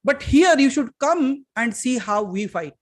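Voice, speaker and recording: A man with an Indian English accent giving a spiritual satsang talk, emphatic, moving from loud to hushed and putting questions straight to his listeners. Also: extremely high pitch, animated, measured pace. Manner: addresses listeners directly with questions. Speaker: spiritual teacher. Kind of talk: satsang talk to a live audience.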